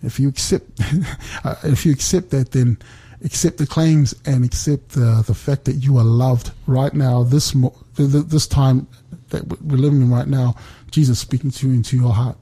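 Earnest halting man, mellow husky voice. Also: mid-range voice, steady tone. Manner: earnest, halting, many restarts. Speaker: guest speaker. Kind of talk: faith talk on a remote call.

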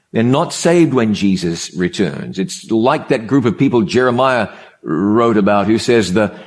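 A man preaching a sermon, opening with a story and speaking in a conversational way, repeating key words for emphasis. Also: fairly low pitch. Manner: conversational, repetitive emphasis, measured pauses.

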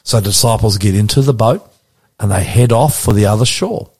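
A man's voice: on the low side, darkish tone, slightly rough. A man with an Australian accent, a pastor preaching in a radio chat, earnest and often checking that his co-host follows. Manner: earnest, preacherly, asks quick check-in questions.

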